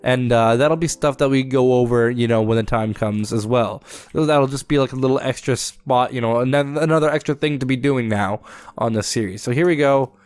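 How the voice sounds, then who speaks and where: Medium in pitch, smooth and darkish, the young man's voice moves fairly quickly despite sounding congested and sore-throated. He hosts a let's-play for his gaming channel, rambling casually with plenty of fillers while faint music plays.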